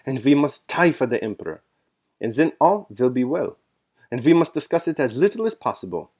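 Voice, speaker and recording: A man's voice: mid-range voice, very animated, a little fast, a little mellow, breathy edge, pitched above the performer's own voice. A dignified, stiffly patriotic old colonel with a German accent, as a man puts him on. He talks in a raised, emphatic voice and presses hard on chosen words, like an audiobook reader giving a character his due. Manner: emphatic, stresses single words.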